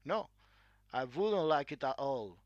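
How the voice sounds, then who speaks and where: A man's voice: mid-range voice, animated, unhurried, dry recording, lo-fi sound, voice pushed up, close to an everyday voice. A man voicing an earnest, devoted painter who speaks with feeling in a read-aloud story. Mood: warm. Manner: earnest, emotional. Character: older male painter, devoted and hurt.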